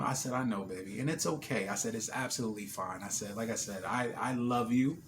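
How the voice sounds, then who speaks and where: Slangy, animated man telling a story. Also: mid-range voice, a little fast, hardly any pauses, a little hiss or hum. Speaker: vlogger. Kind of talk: casual personal vlog.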